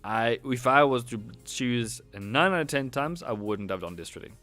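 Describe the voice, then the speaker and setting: Tired male trading host, smooth clear voice, repetitive buy-sell calls, apologetic, faint music behind. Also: medium pitch, expressive, moderate pace, fairly bright tone. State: worn out. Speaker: trading educator. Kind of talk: casual live-stream chart commentary.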